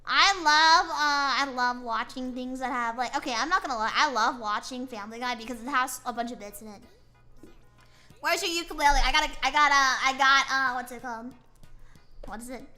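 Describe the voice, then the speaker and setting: Bright, high-voiced young woman streamer. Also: a little fast, faint music behind. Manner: rambling, playful, self-mocking, with frequent fillers. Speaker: VTuber streamer. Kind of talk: casual chat while drawing on stream.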